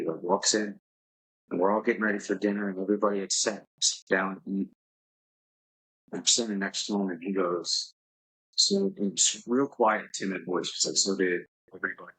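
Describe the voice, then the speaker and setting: A man's voice: fairly low pitch, pushed and bright, slightly rough, rough recording. A man guesting on a podcast, telling a candid, rambling story and swearing casually. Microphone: podcast microphone.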